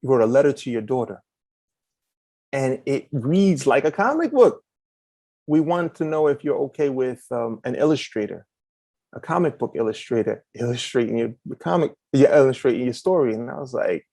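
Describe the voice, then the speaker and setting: A man's voice: mid-range voice, moderate pace, dry recording. A man being interviewed as an author, telling stories in casual chat and acting out quotes on a video call. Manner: animated storyteller, acts out quotes. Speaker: author guest.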